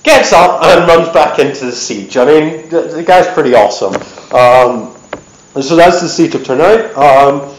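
A man giving a lively, chatty storytelling talk at an event, with plenty of ums and uhs. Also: a little high, normal speed. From United States. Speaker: presenter. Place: event hall. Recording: echoey hall.

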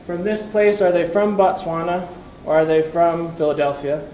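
A man's dark-toned yet fairly high voice moves at a moderate pace through a slide-based conference talk. He asks the audience things and adds wry asides as he goes. The room is echoey, with faint ambience and slight background noise.

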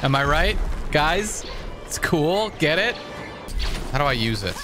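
Young male host for joking gameplay commentary; animated, fairly high, with game music under. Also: unhurried. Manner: excitable, jokey, swears often. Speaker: gaming channel host. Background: game music and sounds.

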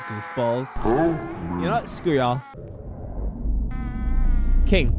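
A man hosting a casual let's-play, excitable, stammering and laughing often. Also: a little high, measured pace, pauses often. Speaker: gaming channel host. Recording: noisy background.

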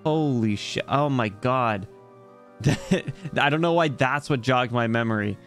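As he plays a video game on stream, a young VTuber keeps up jokey, rambling chatter with his viewers. He talks at a measured pace in a medium-pitched, slightly bright voice, with soft music underneath.

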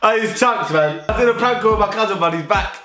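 A young man, bantering excitably on a phone call as a prank-call host. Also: high-pitched, fast talker. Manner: excitable, laughing, slangy. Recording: echoey with loud music behind.

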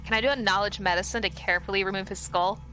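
A woman playing a tabletop game, eager and animated. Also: mid-range voice, rapid-fire, soft background music. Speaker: player. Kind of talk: tabletop role-play.

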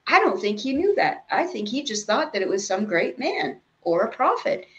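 A woman's voice: on the high side, sing-song, normal speed, dull audio. A woman leading a casual Bible study, reading scripture aloud and then explaining it in chatty asides.

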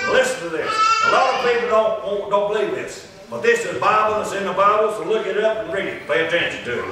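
A man preaching a sermon, emphatic and repeating his points, slowing down to read scripture. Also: sits high, lively intonation, background noise. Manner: emphatic, repeats lines, reads scripture slowly. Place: church. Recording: echoey church room, distant mic.

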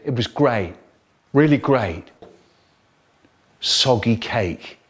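Highly expressive male storyteller, unhurried. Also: breathy edge. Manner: theatrical, savouring words, sudden swings between hush and loud. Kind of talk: comic storytelling to camera.

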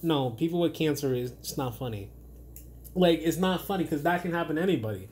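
A man's voice: fairly high pitch, animated, brisk, darkish tone, slight background noise. A man ranting casually to camera in a blunt, profane and rambling way, often restarting his sentences. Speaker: vlogger.

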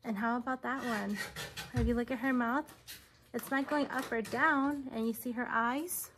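A woman teaching preschoolers about feelings, talking slowly and patiently and asking them simple questions. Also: fairly high pitch, steady tone, a bit bright, a little hiss or hum, low-quality recording. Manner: slow, patient, questioning tone for small children. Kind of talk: recorded classroom lesson for young children.

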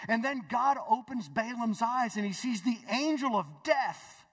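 A male pastor preaching a sermon in a church, emphatic, swinging between loud exclamations and hushed asides. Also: extremely high pitch, animated, moderate pace, few pauses, breathy edge, far from the mic. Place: church sanctuary.

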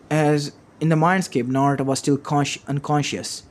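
A man's voice: a little high, steady tone, normal speed, hardly any pauses. Man reading a fan story aloud. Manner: run-on, loosely strung sentences. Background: faint background music.

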